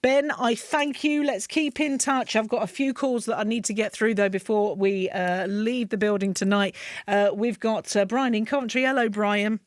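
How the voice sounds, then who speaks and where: A woman's voice: medium pitch, fairly even intonation, moderate pace, no room sound. A woman hosting a radio phone-in, chatty and affectionate with her callers. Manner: affectionate, chatty, calls people darling. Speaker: radio presenter. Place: radio studio.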